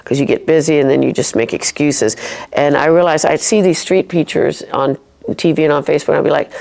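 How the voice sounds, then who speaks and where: A woman's voice: deep voice, a little fast, vocal fry, a little mellow. A woman guest on a podcast telling her personal faith story in an earnest, reflective way, often restarting her sentences. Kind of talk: personal faith testimony in casual talk.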